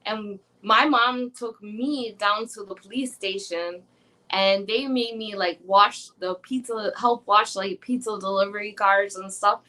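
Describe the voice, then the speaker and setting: A woman in her forties, a podcast guest telling childhood stories in a chatty, animated way. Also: medium pitch. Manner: chatty, animated storyteller, many "like" fillers. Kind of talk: casual chat.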